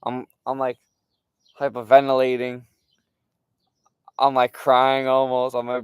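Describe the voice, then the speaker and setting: A young man telling a story from his day in a casual, animated way, swearing and using lots of fillers. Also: medium pitch, measured pace, long pauses, clean tone, dry recording. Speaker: streamer.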